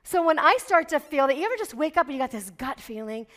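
A woman's voice: high-pitched, sing-song, fast, fairly bright tone. A middle-aged woman pastor preaching a sermon, fervent and emphatic, building in intensity as she exhorts.

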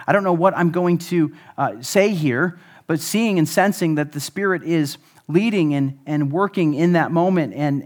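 A man pastor giving a conversational sermon, animated, acting out the people he quotes. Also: fairly high pitch.

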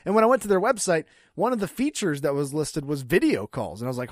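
Podcast co-host, man, higher-pitched, chatty recapper, dry close mic. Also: sing-song, quick pace, hardly any pauses, no room sound. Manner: chatty, lots of "like", frequent laughs. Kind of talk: casual chat recapping wrestling.

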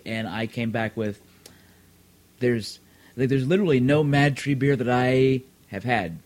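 A man's voice: medium pitch, a little mellow. A man in a casual group chat, joking at his own expense and often restarting his sentences. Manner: joking, self-mocking, halting restarts.

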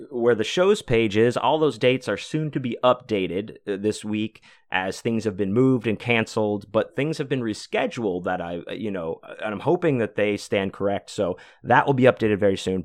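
A man's voice: on the low side, no echo, studio quality. A man in his forties hosting a podcast, telling a long, rambling story in casual talk, full of fillers and cursing. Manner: rambling, profane, many fillers. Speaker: podcast host.

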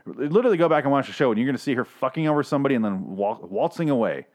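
A man's voice: mid-range voice, lively intonation, rapid-fire, darkish tone. A man casually recapping and ranting about a TV show, profane and sarcastic, rambling with frequent restarts. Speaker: TV show reviewer. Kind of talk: casual solo recap rant.

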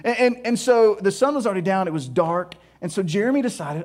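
A male pastor preaching a sermon in an animated, storytelling way, laughing at himself along the way. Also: sits high, brisk.

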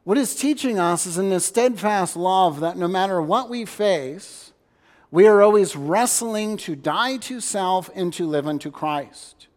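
Man preaching, earnest, restarts often, fairly high voice, long hall reverb. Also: lively intonation, measured pace. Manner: earnest, repeats words as he restarts, shifts loudness for emphasis. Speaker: pastor. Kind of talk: sermon.

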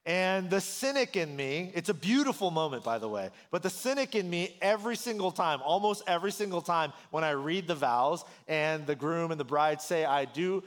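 A man in his thirties preaching as a pastor, in a conversational, animated storytelling manner with rising emphasis. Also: on the high side, normal speed, few pauses. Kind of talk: sermon.

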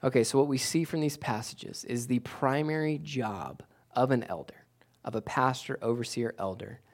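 Pastor repeating his points in a sermon. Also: moderate pace. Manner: repeats key phrases for emphasis, with filler restarts; grows louder and higher when pressing a point.

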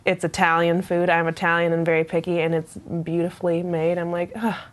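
Young adult woman, lower voice, candid confessional storyteller, rambling and profane. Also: completely flat delivery, fairly quick. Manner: candid, rambling, laughs often, heavy "like" filler, swears. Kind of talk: casual personal storytelling.

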